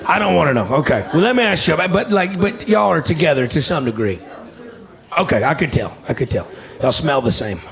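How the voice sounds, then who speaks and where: A man's voice: fairly high pitch, lively intonation, brisk, creaky, fairly bright tone. A male stand-up comedian telling crude stories and working the crowd, acting out the other voices. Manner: crude, drawling storyteller who acts out other voices. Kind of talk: stand-up set with crowd work. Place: comedy club stage. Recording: live club recording with audience noise. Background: audience laughter.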